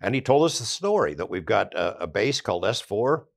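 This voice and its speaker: A man's voice: fairly low pitch, sing-song, a little fast. An older man, an investigative journalist, recounting past events conversationally in a podcast interview.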